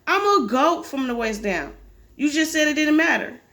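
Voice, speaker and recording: A woman voicing a nervous boy satyr who is half goat, talking quickly and defensively and breaking into bleats. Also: sits high, expressive, fairly bright tone, pitched above the performer's own voice. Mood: indignant.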